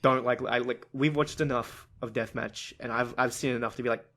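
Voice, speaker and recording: A man co-hosting a casual podcast who reacts with quick interjections and laughs often. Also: mid-range voice, fairly even intonation, fairly bright tone. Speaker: podcast co-host. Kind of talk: casual chat.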